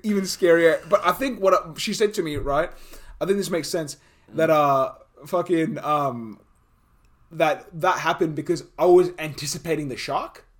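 Speaking at a moderate pace in a fairly high voice, a young male podcast co-host keeps things casual, telling lively stories punctuated by plenty of laughter.

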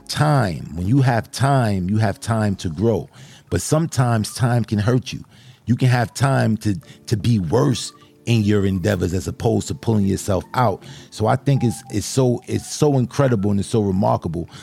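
A man's voice: lowish voice, lively intonation, moderate pace, creaky, mellow, slightly rough, soft background music. A man hosting a show, chatting earnestly and encouragingly with a guest, often repeating himself as he speaks. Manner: repetitive, earnest, encouraging, addresses guest as brother. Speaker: show host. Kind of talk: casual interview chat.

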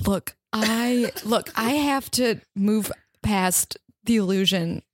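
Husky woman doing deadpan improv. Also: medium pitch, no echo. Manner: deadpan, self-pitying narration of her own scene. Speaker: guest improviser. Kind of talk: improv comedy performance.

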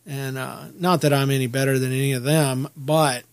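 A man's voice: medium pitch, flat delivery, normal speed, clean tone. A middle-aged man from Kansas City hosting his own podcast, talking in a candid, rambling, self-deprecating way with frequent restarts. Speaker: podcast host. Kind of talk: personal podcast monologue.

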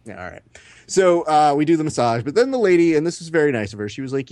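A man in his thirties co-hosting a podcast spins stories in casual conversation, performing the quotes with animation and swearing casually. His medium-pitched voice comes out rapid-fire, with no room sound.

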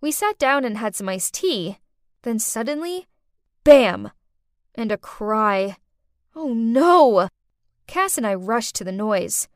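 Young woman telling her story all dramatic, higher voice, dry close sound. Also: no echo. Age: young adult. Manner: dramatic, exclaiming. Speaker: narrator. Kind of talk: first-person animated story narration.

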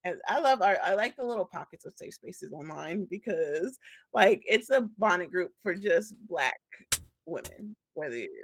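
Woman podcast co-host, casual and animated, laughs a lot, mimics others. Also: lowish voice, normal speed, a little hiss or hum. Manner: animated, laughs often, acts out quoted voices. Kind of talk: casual chat.

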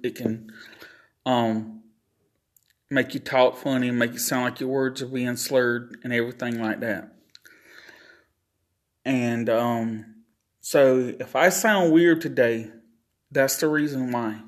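A man hosting a solo podcast, talking slowly and earnestly, his words slurred by a facial palsy. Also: medium pitch. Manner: slow, deliberate, earnest. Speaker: podcast host.

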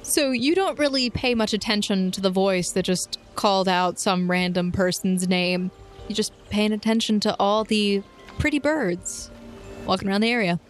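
A woman's voice: mid-range voice, moderate pace, faint music behind. A woman narrating as game master of a tabletop game in a casual, chatty way with many fillers.

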